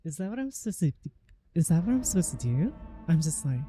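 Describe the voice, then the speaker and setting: A young woman chats on stream in a low, dark, mellow voice that bounces up and down a lot. She talks in an unhurried way and breaks into giggles of disbelief. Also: sing-song, faint music behind. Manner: giggly, incredulous reactions. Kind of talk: casual chat.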